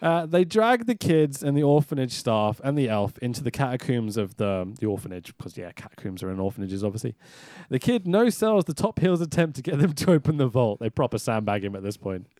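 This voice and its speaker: A man's voice: mid-range voice, very animated, a little fast, few pauses, warm tone, dry recording, clean studio sound. A man, co-hosting a podcast and recapping a movie in casual chat, sarcastic and swearing often. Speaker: podcast co-host.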